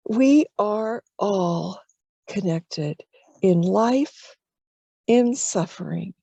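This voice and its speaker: A woman teaching meditation, telling a personal story slowly and tenderly, at times near tears. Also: medium pitch, warm tone, no room sound. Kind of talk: personal story in a dharma talk.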